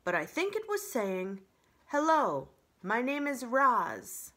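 A woman voicing an excitable owl who calls a meeting, announcing loudly and dramatically in a storybook reading. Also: a little high, slow, pitched above the performer's own voice, full character voice. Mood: wary.

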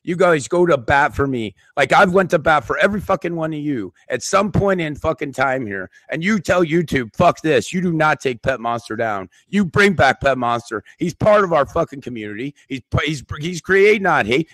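A man's voice: a little high, expressive, moderate pace, hardly any pauses, a bit bright, no room sound, studio quality. A man hosting a live stream, upset and near tears, swearing constantly as he pleads with his viewers. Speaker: YouTube channel host. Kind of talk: emotional live-stream rant.

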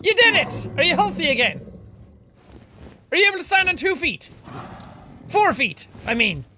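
A very high, bright male voice that leaps around as he plays through a game. He chatters to the creature on screen like a pet and throws in the odd swear. A faint hiss sits underneath. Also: sing-song, normal speed. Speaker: gaming video host. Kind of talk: let's play commentary.

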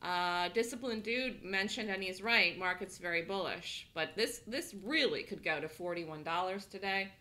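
A woman's voice: fairly low pitch, moderate pace, hardly any pauses, sharp tone. A woman hosting a live day trading room, chatting casually, laughing often and thinking aloud as she calls trades.

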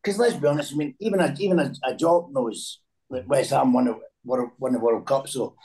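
A man's voice: mid-range voice, fairly quick, mellow, poor audio. A Scottish man in his sixties, a former footballer telling anecdotes in a casual chat, laughing often and repeating words. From Scotland.

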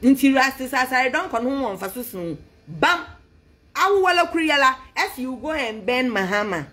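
Woman, higher voice, very animated delivery; taunting political rant, code-switching, mocking laughter. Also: moderate pace. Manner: taunting, sing-song mockery with laughs; mixes English with a local language. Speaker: political commentator.

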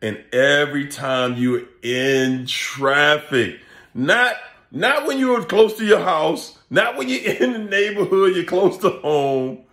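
A man, hosting a casual comedic vlog rant, laughing often and animated as he acts out quoted voices. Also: on the high side, slow. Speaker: channel host and coach. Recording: echoey room.

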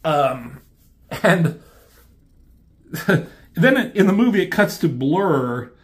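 A man's voice: fairly high pitch, lively intonation, extremely slow. A man casually retelling a comic, rambling with many fillers and the odd swear word. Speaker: reviewer.

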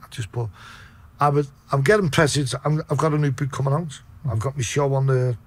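A man's voice: medium pitch, fairly quick, breathy edge. A man from Liverpool with a Liverpool accent, telling a story as a podcast guest, blunt and full of swearing. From Liverpool, England. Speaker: podcast guest, debt collector.

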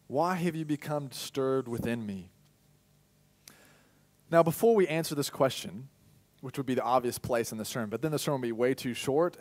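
A young man preaching a sermon in a church, acting out inner dialogue with sudden loud, high bursts. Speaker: pastor.

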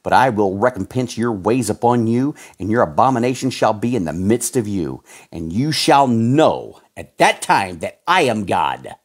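A male pastor delivers a fiery sermon, his voice swinging widely from low, grumbling asides to high, strained shouts. His pitch is very lively, and his folksy slang keeps him sounding blunt and direct. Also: normal speed, hardly any pauses, slightly rough. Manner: folksy slang, calls listeners pal and folks.

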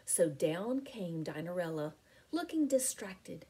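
A woman reading a picture book aloud as a teacher, with expressive, deliberate storytelling. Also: mid-range voice, slightly rough. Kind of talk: storybook read-aloud narration.

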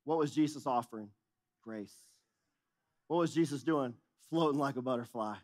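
A man's voice: medium pitch, moderate pace, darkish tone. A middle-aged man preaching a sermon as pastor, speaking with emphatic repetition and shifting intensity.

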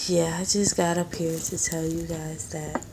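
A woman in her twenties rambling in a casual vlog at home in a small apartment, soft-spoken and often hushed, filmed on a handheld phone. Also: deep voice, steady tone, takes it slowly, creaky, background noise. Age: 20s. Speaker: vlogger and mother.

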